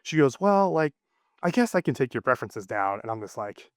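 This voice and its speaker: A man's voice: medium pitch, very animated, fairly quick, no echo, clean studio sound. Man telling his story, loose and chatty. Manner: rambling, lots of fillers and restarts. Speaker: interview guest. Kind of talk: casual storytelling interview.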